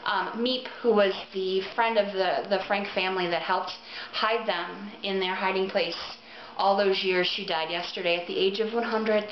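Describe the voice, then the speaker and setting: A woman's voice: medium pitch, steady tone, moderate pace. A woman recording a casual vlog, gushing earnestly about books she loves, with plenty of ums. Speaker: book vlogger. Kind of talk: casual book recommendation vlog. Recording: roomy, dull lo-fi webcam audio.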